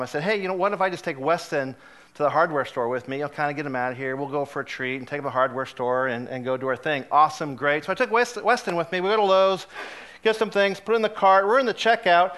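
A man's voice: a little high, bright, forceful tone, clear, resonant tone. A man casually telling a self-deprecating story to a live audience, chatty and full of fillers. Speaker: speaker addressing a live audience.

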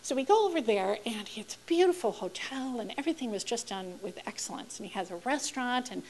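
A woman telling a humorous, animated story of her own life, acting out her reactions. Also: fast talker, poor audio. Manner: animated, acts out her own reactions with big pitch jumps; humorous, self-deprecating. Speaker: speaker sharing her mission story. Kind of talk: storytelling testimony talk.

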